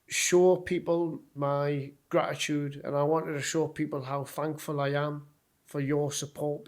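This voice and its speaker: A man with a Geordie accent, a podcast guest telling a personal story in a blunt, sweary way and acting out what people said. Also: on the high side. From North East England.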